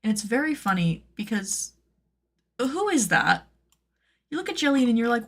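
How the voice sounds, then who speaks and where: A woman who makes cosplay patterns, chatting casually on her stream, rambling with lots of "like" and playful jumps into high silly tones. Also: very animated, moderate pace, long pauses, a bit bright.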